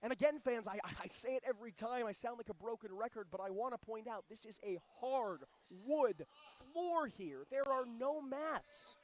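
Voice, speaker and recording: A man calling live pro wrestling play-by-play, excitable and shouting the big moves. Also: extremely high pitch, normal speed.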